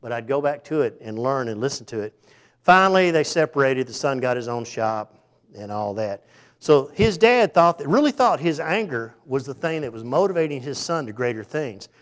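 A man's voice: medium pitch, lively intonation, normal speed. A middle-aged man preaching in a loose, chatty way with a mid-range voice, drifting from story to story. He slips into the voices of the people he describes before circling back to his point. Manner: folksy, rambling, conversational; acts out the people in his stories. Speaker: speaker giving a faith talk. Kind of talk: informal sermon with storytelling.

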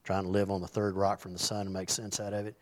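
A man's voice: low voice, little pitch movement, fast talker. A man preaching a sermon in a conversational way, reading scripture aloud and acting out the voices in it. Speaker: pastor.

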